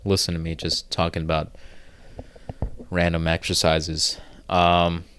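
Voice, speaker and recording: A man's voice: low-pitched, completely flat delivery, measured pace, a bit bright, slight background noise. A man hosting a solo podcast, telling a rambling, profane story full of fillers and restarts. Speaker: podcast host. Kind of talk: casual solo podcast monologue.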